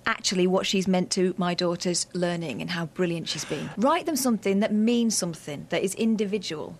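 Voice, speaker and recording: A woman co-presenting a radio show in casual chat, opinionated and quick with retorts. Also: on the low side, darkish tone, a little hiss or hum.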